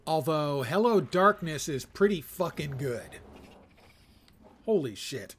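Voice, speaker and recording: A man's voice: a little high, a little slow, a little hiss or hum. A man streaming a game live, chatting casually with wry humor and muttering to himself as he reads. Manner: wry and chatty, mock-judging player names. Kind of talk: casual gameplay commentary.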